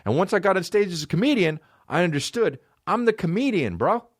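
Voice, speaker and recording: A man hosting a comedy podcast, ranting profanely and swinging between excited highs and low mutters. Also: a little fast, no room sound, studio quality. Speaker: podcast host. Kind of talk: solo comedy podcast rant.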